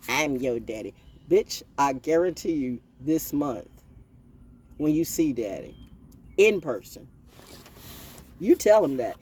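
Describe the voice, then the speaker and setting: A woman who hosts her own oracle-reading channel delivers a blunt, profane, preachy rant in a freestyle livestream. Her voice is low and mellow, with a little hiss or hum in the recording.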